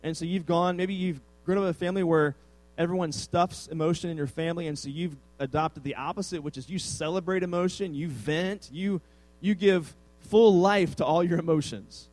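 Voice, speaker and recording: A man's voice: fairly high pitch, moderate pace, darkish tone, rough recording. A male pastor preaching a conversational sermon with self-deprecating humor.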